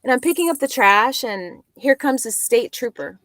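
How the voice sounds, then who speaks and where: A woman guest chatting casually, telling a story and acting out the dialogue in lively voices. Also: fairly high pitch, moderate pace, no echo. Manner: animated, acts out quoted dialogue.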